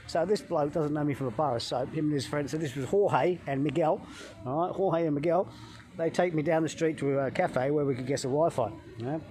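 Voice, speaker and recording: Fast-talking, foul-mouthed Englishman. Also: fairly high pitch. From England. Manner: profane, animated storyteller. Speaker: health coach vlogger. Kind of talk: casual travel storytelling. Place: outdoors by a hotel pool.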